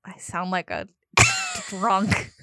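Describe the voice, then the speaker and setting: A woman's voice: mid-range voice, huge pitch swings, extremely slow, sharp tone, breathy edge. A woman co-hosting a podcast in casual chat, talking in a chatty, giggly way and trailing off with fillers. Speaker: podcast co-host.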